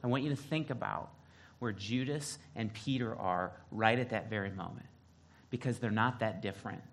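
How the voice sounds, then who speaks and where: A male pastor preaching a sermon, retelling a story in a casual, animated way and acting out the quotes. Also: fairly low pitch, moderate pace.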